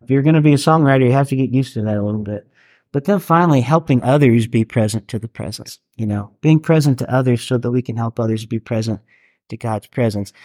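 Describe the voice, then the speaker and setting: Earnest middle-aged man, warm dry voice. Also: mid-range voice, no room sound. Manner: earnest, conversational, with many restarts and asides. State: getting teary. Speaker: worship leader and chaplain teaching a workshop. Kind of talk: talk to a live group.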